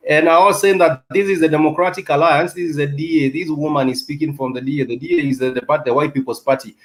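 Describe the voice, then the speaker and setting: A man co-hosts a news talk show, speaking quickly with a mid-range voice. He comments in a measured way and cues up clips. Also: on the high side, fairly even intonation, rough recording. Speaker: co-host.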